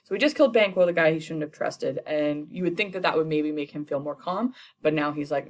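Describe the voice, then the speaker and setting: Low-voiced woman retelling a play casually. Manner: chatty, slangy paraphrase with playful quick character voices. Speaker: teacher.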